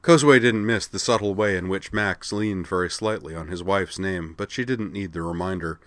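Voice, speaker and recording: A man narrating an audiobook in a steady, even reading. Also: low-pitched, normal speed, no echo.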